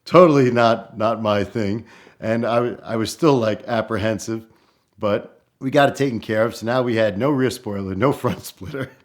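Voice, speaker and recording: A middle-aged man from New York telling a road story in a casual, animated way, acting out the people he quotes. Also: moderate pace. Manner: animated, acts out quoted voices with rising pitch. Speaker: storyteller guest.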